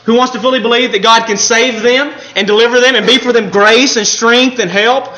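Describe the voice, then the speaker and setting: A man preaching a sermon, telling the story in an earnest way and pausing for emphasis. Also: very high-pitched, steady tone, bright, forceful tone, rough recording.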